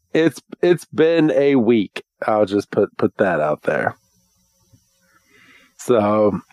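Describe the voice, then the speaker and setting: A male podcast co-host in relaxed chat, unhurried and full of ums and restarts. He laughs easily between stories. His voice is recorded dry and close, with no room sound. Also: medium pitch, dry recording. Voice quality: laughs often, lots of fillers and restarts. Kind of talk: casual chat.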